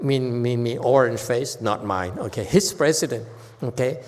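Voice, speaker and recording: A male Buddhist monk giving a dharma lecture. He tells stories in an animated way, repeats himself and keeps checking "okay?" with the listeners. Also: on the high side, takes it slowly, long pauses. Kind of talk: dharma lecture, anecdotal storytelling. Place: temple lecture hall. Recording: reverberant hall.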